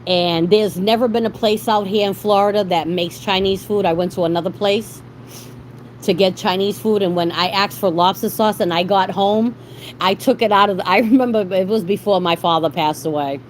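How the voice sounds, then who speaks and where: A woman with a Boston accent talks to her livestream chat in a loose, rambling way, circling back and restarting her sentences. Her voice sits at a middle pitch, with a faint hiss of noise in the background. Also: moderate pace, low-quality recording. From Boston, Massachusetts. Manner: rambling, animated storytelling with frequent restarts. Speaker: livestream host.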